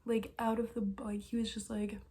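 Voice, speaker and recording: A young woman vlogger telling stories in a casual, excitable way, with quick bursts and frequent laughs. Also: on the high side, breathy edge. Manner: excitable, fast bursts, lots of likes and laughs. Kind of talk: casual storytime chat.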